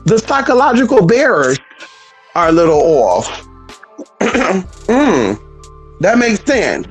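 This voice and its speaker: A woman's voice: medium pitch, big pitch swings, slow pace, long pauses, faint music behind, rough recording. A woman giving a sassy, blunt and profane vlog monologue, calling listeners honey and girl and talking back to imagined critics. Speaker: vlogger. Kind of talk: casual opinionated monologue.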